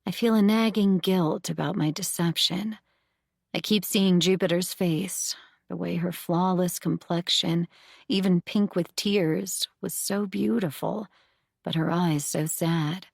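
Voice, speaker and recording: A woman narrating a first-person thriller audiobook in a measured, intimate way, close to the mic. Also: fairly low pitch, steady tone, creaky, no echo.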